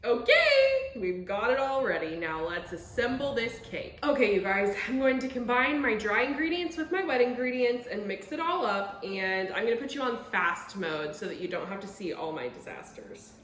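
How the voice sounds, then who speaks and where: A young woman chatting excitedly and making fun of herself while baking in her home kitchen for a vlog. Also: mid-range voice, moderate pace, hardly any pauses, reverberant, a little hiss or hum. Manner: chatty, excitable, self-mocking. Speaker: vlogger. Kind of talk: casual cooking vlog.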